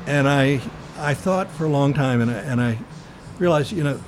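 A man's voice: medium pitch, background noise. Older man telling a reflective story. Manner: earnest, reflective storytelling with frequent pauses and fillers. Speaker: interviewee. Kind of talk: oral history interview.

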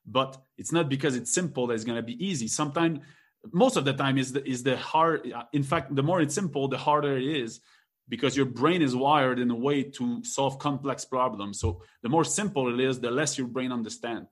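A man's voice: medium pitch, fairly quick. A man co-hosting a podcast who talks reflectively in a casual chat, often restarting his sentences.

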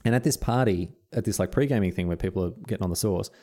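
Low, fast and mellow, the voice belongs to an Australian co-host of a podcast who tells a wandering story in casual chat. He interrupts himself and performs the dialogue as he goes.

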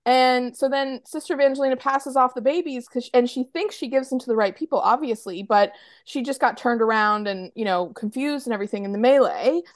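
Chatty woman, bright voice. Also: fairly high pitch, fairly quick, dry recording, studio quality. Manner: chatty, lots of fillers, acts out quotes. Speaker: podcast co-host. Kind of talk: casual chat recapping a TV episode.

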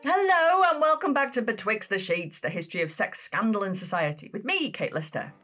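A woman's voice: mid-range voice, expressive, a little fast, fairly bright tone, faint music behind. A woman hosting a history podcast, narrating in a chatty, self-mocking way with giggly asides. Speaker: podcast host.

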